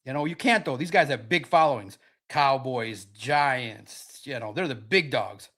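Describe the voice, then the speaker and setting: A man's voice: mid-range voice, animated, a little slow, a bit bright. A man in his forties hosting a sports podcast, talking in a brash, profane and boastful way in a casual livestream monologue. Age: 40s.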